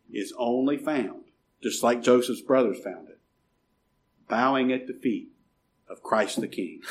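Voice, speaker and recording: Male preacher, sermon delivery with scripture reading, big swings from calling out to hushed. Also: medium pitch. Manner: reads scripture aloud, swings from loud calls to quiet drops.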